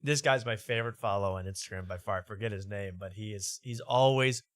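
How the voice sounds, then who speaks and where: A man's voice: lowish voice, a little fast, fairly bright tone, no echo, clean studio sound. A male talk show host bantering casually, joking and laughing often.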